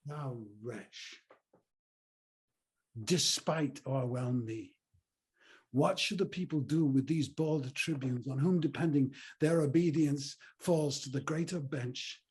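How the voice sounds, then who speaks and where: An actor playing a proud, fierce Roman general with a husky voice, speaking in a scornful, declamatory way. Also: male voice, fairly high pitch, takes it slowly, a little mellow. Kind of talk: stage play reading.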